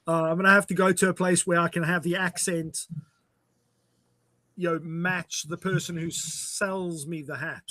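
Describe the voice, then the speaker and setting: A man's voice: a little high, fairly even intonation, moderate pace, sharp tone, dry recording. A man hosting a casual online chat, talking in a chatty, upbeat way over a video call. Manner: chatty, upbeat sign-offs. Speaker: host.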